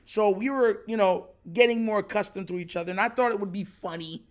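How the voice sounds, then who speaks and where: Give me a male podcast host with a high voice, recapping a story in an animated, excited way. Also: brisk. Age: adult. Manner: animated, retells others' lines with raised excited voice.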